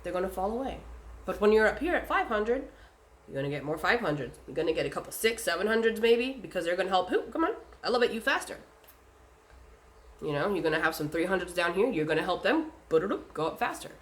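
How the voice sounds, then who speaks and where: In a spiritual-advice vlog, someone speaks casually and bluntly, swearing often and leaning on lots of fillers. The voice is mid-range, expressive, and fairly bright, and the delivery is fast.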